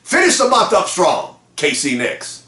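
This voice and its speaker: High-pitched excitable guy pumping up a sales team, voice jumps all over, echoey room. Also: a little slow. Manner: energetic, folksy, lively with whoops. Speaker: host of a car sales meeting show. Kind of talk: motivational sales pep talk.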